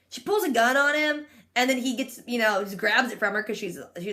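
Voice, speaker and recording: A woman's voice: a little high, brisk, hardly any pauses, bright, forceful tone. A woman in her twenties recapping a TV episode in casual chat, sarcastic and full of "like". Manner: sarcastic, chatty, heavy use of "like". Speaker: vlogger.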